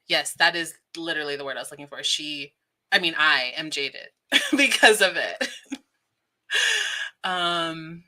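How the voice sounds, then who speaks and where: A woman's voice: on the low side, pushed and bright. A woman hosting a casual livestream, chatting, laughing often and reading viewer comments aloud. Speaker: livestream host.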